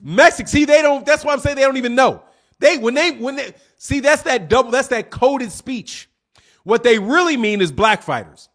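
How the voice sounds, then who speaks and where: A man hosting a casual livestream, talking fast and teasing his chat in a cocky, rambling way. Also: very high-pitched, expressive, fairly bright tone. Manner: fast, rambling, with restarts and laughs. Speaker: livestream host.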